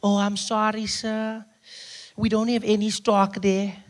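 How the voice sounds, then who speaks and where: A man voicing a cheerful, unbothered male pharmacist, slow and teasing. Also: high voice, monotone, voice pushed up. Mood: apologetic. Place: theatre stage.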